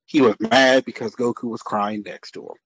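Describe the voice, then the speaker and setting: A man's voice: mid-range voice, fairly even intonation, moderate pace, a bit bright, slightly rough, no room sound, rough recording. A man on a podcast panel, arguing his pick in casual group debate with an emphatic, laughing delivery.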